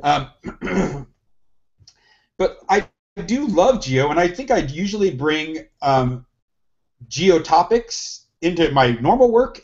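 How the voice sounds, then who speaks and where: Rambling man on a lo-fi recording. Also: a little high. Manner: rambling, self-questioning, many restarts. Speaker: podcast co-host. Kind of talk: casual chat. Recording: lo-fi, dull sound.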